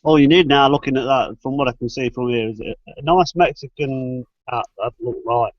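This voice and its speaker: Bloke joking around with friends, laughs a lot, muffled lo-fi sound. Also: male voice, mid-range voice, moderate pace, no echo. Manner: teasing, laughs often. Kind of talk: casual banter on a video call. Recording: dull dry lo-fi audio.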